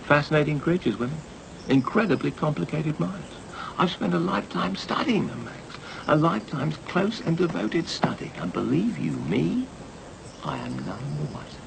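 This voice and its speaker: A weary older man with a gravelly edge and a lively, swinging delivery, grumbling wryly. in a TV soap, with a steady hiss behind him. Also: on the high side, normal speed, full character voice. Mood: dry. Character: wry older man, wearily cynical about women. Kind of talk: 1990s TV soap acting.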